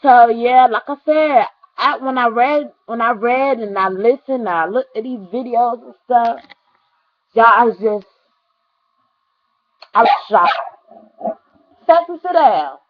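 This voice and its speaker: Young woman vlogger, heartfelt and earnest at home, higher voice, muffled camera sound. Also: unhurried, long pauses. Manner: addresses viewers as y'all, earnest and emotional, near tears. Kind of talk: emotional casual vlog to camera.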